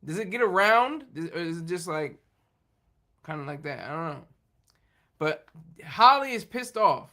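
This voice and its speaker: A man's voice: high-pitched, expressive, sharp tone. A man hosting a casual livestream chat, rambling through restarts and asides as he answers viewers. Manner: rambling, halting, with many restarts and laughs. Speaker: livestream host talking with viewers.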